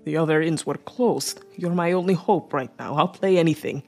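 A woman's voice: low voice, normal speed, dark tone, soft background music. A woman reading an audiobook, voicing a desperate young husband who pleads frantically. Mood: pleading.

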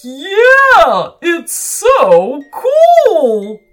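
An excited young T-Rex with a booming, gleeful voice, as a woman storyteller puts him on. His delivery is bright and lively, swinging high and low, with soft music behind it in a storybook reading. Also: takes it slowly, breathy edge, full character voice. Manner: eager, excited, booming shouts. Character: cheerful boy turned friendly T-Rex.

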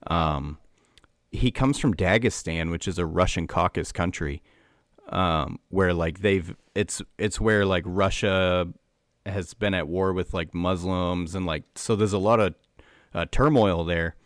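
Deep male guest, dry close-miked, keen explainer full of fillers. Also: measured pace, no echo. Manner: enthusiastic explainer, many fillers like "um" and "like". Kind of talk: casual conversation.

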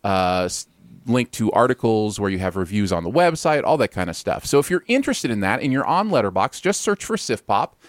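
A man's voice: on the low side, big pitch swings, fairly quick, no echo, clean studio sound. A man hosting a casual pop-culture podcast, chatty and loose, chuckling between lines and using plenty of fillers. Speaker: podcast host.

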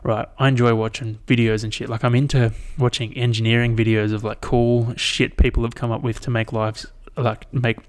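A man's voice: medium pitch, moderate pace, hardly any pauses. Rambling, swearing Australian guy. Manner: rambling, swears a lot, animated retelling. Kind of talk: casual solo chat.

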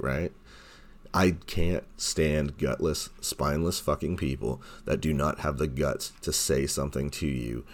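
A man hosting his own podcast, delivering a heated, sarcastic monologue full of swearing and mocking quotes. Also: extremely low pitch. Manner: heated, sarcastic, heavy swearing, mocks others in quoted voices. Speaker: podcast host. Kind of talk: profane ranting monologue.

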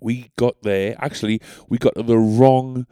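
A man's voice: mid-range voice, fairly even intonation, normal speed, dark tone, clean tone, dry recording. A young man who tells stories on a podcast in a rambling, sweary, self-deprecating way. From North East England. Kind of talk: casual storytelling.

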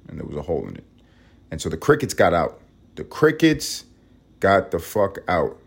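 A man from Puerto Rico hosting a casual podcast monologue with a gravelly vocal fry, rambling and profane, jumping from loud outbursts to low mutters. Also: lively intonation, a little fast. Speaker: podcast host.

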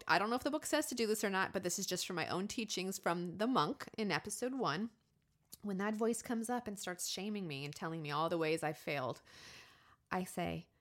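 Podcast host, woman in her 30s, candid and animated, voice rises and falls widely. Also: mid-range voice. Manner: open, animated, confessional storytelling with acted inner voices. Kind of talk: candid conversational podcast talk.

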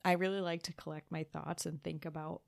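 A woman's voice: low voice, little pitch movement, fairly quick, creaky, no echo. A young woman co-hosting a casual chat podcast, laid-back, laughing easily and hedging her words. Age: young adult. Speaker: podcast co-host.

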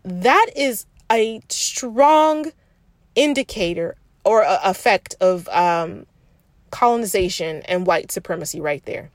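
With a mid-range voice, lively intonation and a slow pace, a woman hosts a candid self-help podcast in studio quality with no echo. She confides frankly in the listener, calling them sis, and reflects aloud with frequent restarts.

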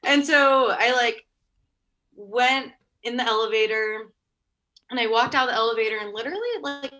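A young woman in her twenties tells a story in a bright, lively voice, her talk full of fillers, quick laughs and "oh my God". Her pitch sits a little high, and she sounds chatty and animated throughout. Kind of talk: casual storytelling.

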